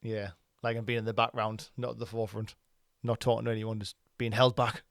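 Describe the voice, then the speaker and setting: A man with a gravelly voice chatting football on a podcast. He is easygoing and keeps tossing questions back at his co-host. The recording is dry and close. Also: fairly low pitch, level tone, fairly quick, no room sound. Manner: easygoing, chuckles a lot, ends points with tag questions. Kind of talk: casual football chat.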